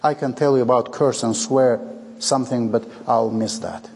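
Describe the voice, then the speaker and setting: Male preacher, dramatic sermon delivery, husky, big hall reverb. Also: mid-range voice, fairly even intonation, moderate pace, darkish tone. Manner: dramatic, acts out quoted dialogue.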